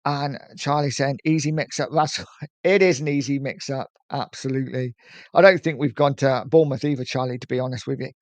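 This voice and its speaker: A man's voice: mid-range voice, steady tone, fairly quick, dry recording. A middle-aged English man with a slight lisp, hosting a casual football live stream and chatting through viewer comments. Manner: chatty, friendly, urges viewers to like and subscribe.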